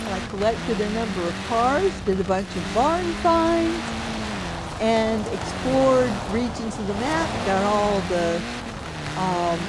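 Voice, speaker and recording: A woman's voice: medium pitch, heavy background noise. An older woman streaming a racing game, chatting casually and giggling often. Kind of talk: casual live-stream commentary.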